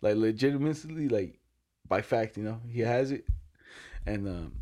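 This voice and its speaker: A man's voice: lowish voice, lively intonation, moderate pace, warm tone. A young man chatting casually about his delivery job, rambling and slangy, full of "like" and "you know". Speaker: delivery worker telling stories. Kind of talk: casual chat.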